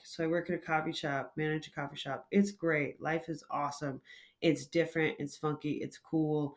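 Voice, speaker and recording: A woman with a slightly low voice tells a story to the camera in a chatty, loose manner. She keeps a casual flow full of fillers. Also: moderate pace, a bit bright. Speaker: vlog host and coffee shop manager.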